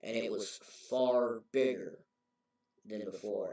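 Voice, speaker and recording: A man's voice: on the low side, slow, mellow. Rambling man in an echoey room. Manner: rambling, self-correcting storyteller. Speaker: game reviewer. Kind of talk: casual plot recap. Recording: very echoey, voice far from mic.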